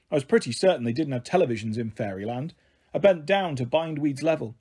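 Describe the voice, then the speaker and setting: A man reading a children's book aloud as a storyteller, in an expressive, animated way. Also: medium pitch, fast talker, husky.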